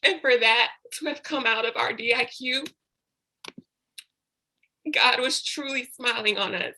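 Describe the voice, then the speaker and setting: A woman's voice: fairly high pitch, unhurried, pushed and bright, poor audio. A woman leading her sales team on a video call, preaching with faith and fighting back tears. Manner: preachy, faith-filled, tearful. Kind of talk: emotional team call speech.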